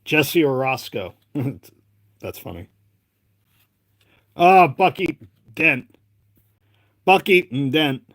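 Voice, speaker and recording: A man's voice: fairly high pitch, big pitch swings, drawn-out words, pauses often, a bit bright, no echo. A man with a Boston accent hosting a casual live stream, chatting and rambling as he calls out names one after another. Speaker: live-stream host opening card packs.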